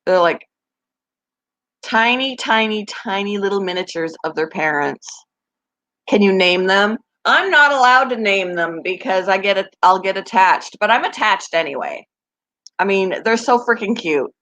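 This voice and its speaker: A woman's voice: medium pitch, expressive, unhurried, a bit bright, poor audio. A woman hosting her pet channel, chatting casually to viewers and gushing over tiny baby animals. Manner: chatty, gushing, laughs often. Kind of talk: casual live chat to viewers.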